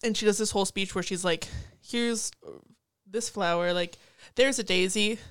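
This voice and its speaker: A woman's voice: medium pitch, normal speed, fairly bright tone, smooth, no echo, clean studio sound. A young woman co-hosting a podcast in casual chat, blunt and profane, laughing easily. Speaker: podcast co-host.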